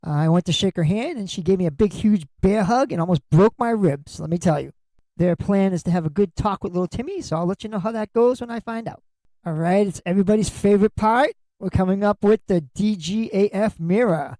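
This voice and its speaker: A middle-aged man rambles through funny stories for his podcast, cursing freely and acting out every quote. His voice is mellow and warm, and it sits dry and close with no room sound. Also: sits high, a little fast, dry recording, low-quality recording. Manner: crude, jokey, swears freely, acts out quotes. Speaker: podcast host. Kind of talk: comedic storytelling monologue.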